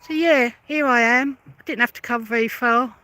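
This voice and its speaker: A woman's voice: on the high side, moderate pace, bright, forceful tone. A woman delivering a confrontational, sarcastic rebuttal rant as a vlogger, firing repeated pointed questions. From London. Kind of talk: angry rebuttal rant to camera.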